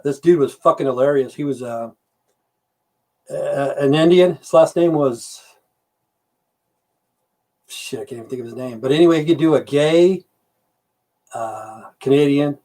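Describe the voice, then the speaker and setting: A man's voice: a little high, darkish tone. A middle-aged man chatting casually on a livestream, answering viewers' comments, rambling, swearing and losing his train of thought. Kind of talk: casual live-stream chat.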